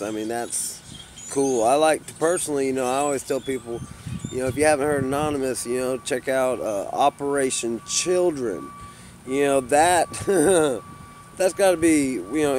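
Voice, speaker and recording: A man rambling in a casual vlog, swearing freely and saying "you know" constantly, and getting loud and heated when he tells a story. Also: medium pitch, a little hiss or hum. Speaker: vlogger. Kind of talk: rambling casual monologue to camera.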